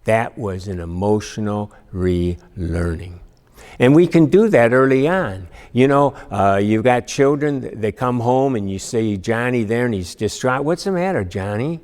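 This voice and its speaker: A man's voice: fairly low pitch, a little slow, darkish tone, in a large hall. A man teaching an emotional resilience class, talking earnestly and asking the class questions as he reads a story aloud. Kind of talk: classroom lecture reading aloud.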